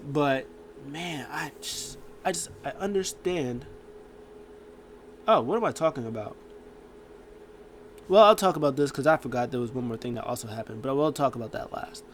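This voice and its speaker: A man's voice: medium pitch, animated, moderate pace, long pauses, slight background noise. A man hosting a casual show, rambling through a recap with lots of fillers and acted-out quotes. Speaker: show host.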